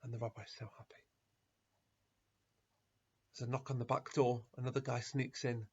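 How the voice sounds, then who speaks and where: A middle-aged man, a rabbi, telling a story at an assembly in an earnest, measured way, on a dull lo-fi recording. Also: medium pitch, little pitch movement, breathy edge. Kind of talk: storytelling talk at a school assembly.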